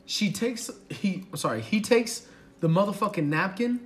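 A man co-hosting a podcast, telling a story in an animated, profane way and acting out the people in it. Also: high voice, a little slow. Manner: animated, profane, acts out the people in his stories. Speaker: podcast co-host. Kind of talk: casual storytelling chat.

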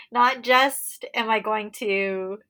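A woman's voice: on the high side, extremely slow, sharp tone. A woman from Canada co-hosting a podcast in casual chat, blunt and wry, swearing freely. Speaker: podcast co-host.

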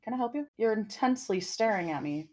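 A woman's voice: mid-range voice, animated, fast talker, darkish tone. A woman hosts a casual podcast, mixing a read-out mystery with jokey asides. She giggles often and swears freely. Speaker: podcast host. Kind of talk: casual chat reading a mystery.

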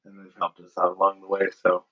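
Male podcast co-host, rambling and relaxed, gravelly voice, muffled lo-fi mic. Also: deep voice, quick pace. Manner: laid-back, rambling with many fillers. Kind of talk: casual chat.

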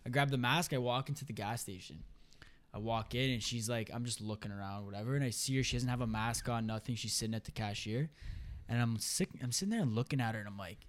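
A young man, a podcast guest telling a profane, animated story and quoting friends in put-on voices. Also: medium pitch, fast. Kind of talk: casual storytelling chat.

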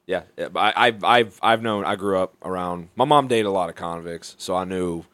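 A young male stand-up comedian, guesting on a podcast, tells stories in a casual chat, rambling with frequent restarts, swearing and laughing. His voice sits low and a bit bright at normal speed, recorded on a studio microphone with no echo.

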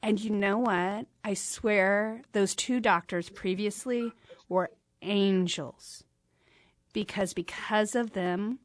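Middle-aged woman host, animated storyteller, dry close studio sound. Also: mid-range voice, takes it slowly, dry recording. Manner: animated, acts out quoted dialogue. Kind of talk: personal storytelling on a talk show.

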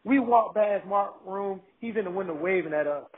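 A man telling excited stories in a casual chat, often restarting his sentences. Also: high-pitched, moderate pace, a little hiss or hum. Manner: excited, animated storytelling with restarts. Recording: thin phone-like line.

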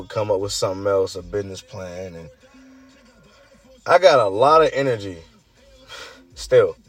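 A man with a hoarse, groggy voice, hosting his own show and telling a story in casual chat, swinging between loud hype and murmurs. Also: lowish voice, no room sound. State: hoarse, lost voice. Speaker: show host.

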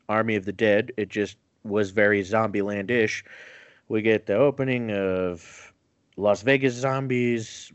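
A man's voice: on the low side, clear, resonant tone, no echo, studio quality. Crude laughing man recapping a movie. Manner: crude, laughing, acts out characters' lines. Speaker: podcast host recapping a film. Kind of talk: casual comedic movie recap.

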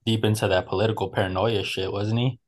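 A man's voice: on the low side, steady tone, fast talker. A man joking offhandedly in a casual podcast chat.

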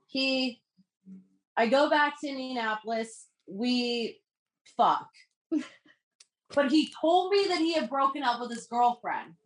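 A woman's voice: high-pitched, slow pace, pauses often. Young woman telling a story, echoey room. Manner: animated, swears freely, acts out dialogue. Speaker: podcast guest. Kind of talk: casual storytelling.

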